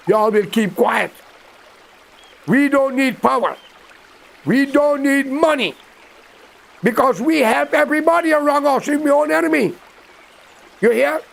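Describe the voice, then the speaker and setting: A Guyanese political commentator with a very high voice and vocal fry delivers a direct-to-camera rant. Combative and scolding, he aims his words straight at a leader using creole grammar.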